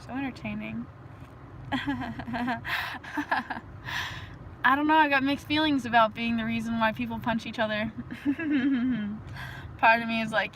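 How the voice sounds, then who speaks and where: A young woman with a fairly high voice talks loosely to her livestream viewers, drifting from thought to thought and breaking into giggles and chanted words. Faint background noise sits under her voice. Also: fairly even intonation, moderate pace, long pauses, fairly bright tone, low-quality recording. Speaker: livestream host. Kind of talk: rambling casual livestream monologue.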